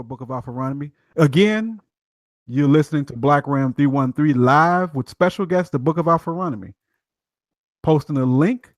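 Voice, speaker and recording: A man's voice: on the high side, no echo. A man hosting a live stream, preaching with emphatic rhetorical questions. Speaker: livestream host. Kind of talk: preachy livestream talk.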